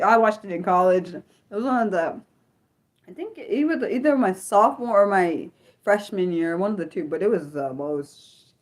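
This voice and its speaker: A young woman hosting an unscripted livestream, chatting to her viewers with animated restarts and repeated exclamations, easily spooked. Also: medium pitch. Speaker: livestream host. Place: her room.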